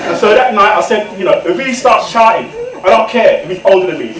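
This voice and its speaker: A man, an author telling comic stories to an audience in an animated way and laughing often. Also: sits high, quick pace. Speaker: author, guest speaker. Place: event room indoors. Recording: echoey room from far off, noisy.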